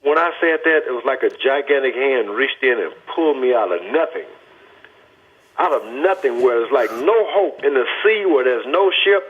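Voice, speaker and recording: An older man from Texas speaks earnestly and deliberately, leaning hard on his words as he tells his testimony. His voice is husky and of middling pitch. The sound comes through a thin, tinny phone line. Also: expressive. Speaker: guest. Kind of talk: personal testimony storytelling.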